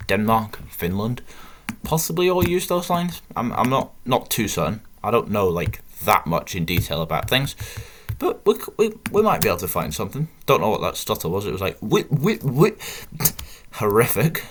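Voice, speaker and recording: A man's voice: lowish voice, very animated, moderate pace, slight background noise. A British man giving casual, rambling gameplay commentary with self-mocking jokes. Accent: British English. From Britain. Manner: chatty, rambling, self-mocking, jokey asides. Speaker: gaming channel host.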